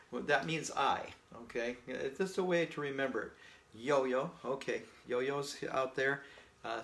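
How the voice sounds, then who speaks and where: A man's voice: mid-range voice, gravelly, a bit bright, roomy sound. A man teaching a casual beginner language lesson, explaining patiently and folksily with little memory tricks. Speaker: Spanish teacher.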